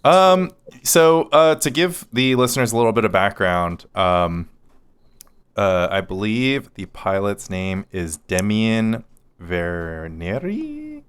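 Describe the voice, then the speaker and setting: Low, smooth-voiced man with a teasing tone. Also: very animated, slow pace. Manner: dry, teasing, laughs often. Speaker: podcast co-host. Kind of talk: casual chat.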